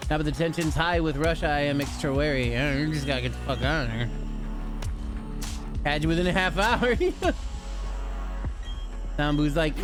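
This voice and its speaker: A man banters casually with his viewers, laid-back, joking and cursing freely. His voice sits slightly above the usual male pitch. Music plays clearly behind him. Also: moderate pace, pauses often. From Chicago, US. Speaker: livestreamer.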